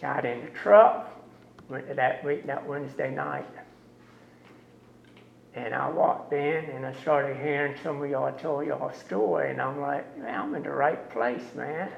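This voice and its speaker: A man telling his own story of recovery to a meeting in a slow, plain-spoken way. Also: medium pitch, steady tone, creaky, reverberant, dull audio, slight background noise. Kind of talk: personal testimony at a recovery meeting.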